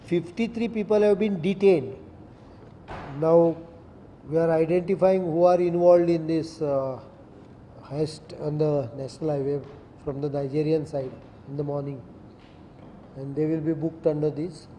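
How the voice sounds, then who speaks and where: A middle-aged man with an Indian English accent speaks in a firm, measured way at a press briefing. His voice has a very dark, mellow tone that sits a little high. The room is echoey, with faint noise behind him. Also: steady tone. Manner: firm, deliberate, reads out legal sections. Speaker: chief minister. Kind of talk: press statement.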